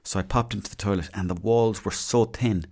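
A man in his thirties with an Irish accent and a fairly low voice, talking on his own in a loose, rambling podcast chat. He pokes fun at himself and drifts from one thing to the next. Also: a little fast, a little mellow. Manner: rambling, self-mocking and chatty. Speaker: podcast host. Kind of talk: casual solo podcast chat.

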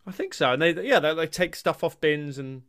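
A man's voice: a little high, expressive, fairly quick, fairly bright tone, clear, resonant tone. A young man co-hosting a comedy podcast, teasing dryly in casual chat with loose, wandering sentences. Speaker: podcast co-host.

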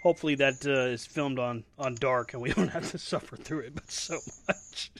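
A man's voice: medium pitch, a little fast, no room sound. A man co-hosting a casual wrestling podcast, chatty and laughing often, with hiccups. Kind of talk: casual chat.

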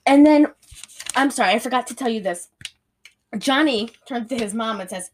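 A woman's voice: a little high, normal speed, long pauses, a little hiss or hum. A woman co-hosting a casual movie review chat, rambling and giggly with lots of fillers. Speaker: podcast co-host.

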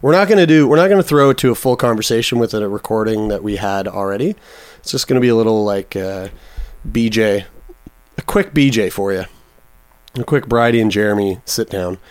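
A man's voice: lowish voice, fairly quick, dry recording. Profane, joking male podcast co-host. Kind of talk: casual podcast banter. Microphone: studio mic.

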